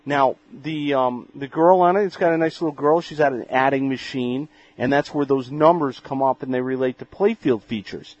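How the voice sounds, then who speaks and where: A man's voice: medium pitch, moderate pace, hardly any pauses, a little mellow, no room sound. A man hosting a casual podcast who is jokey, chatty and easily amused. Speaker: podcast host. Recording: dull lo-fi podcast audio.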